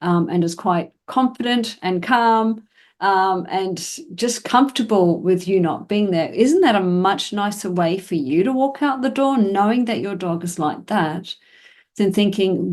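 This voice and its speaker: A woman's voice: mid-range voice, lively intonation, measured pace, a little mellow. A woman hosting a podcast about dog training, explaining in a casual, conversational way with frequent fillers and acted-out examples.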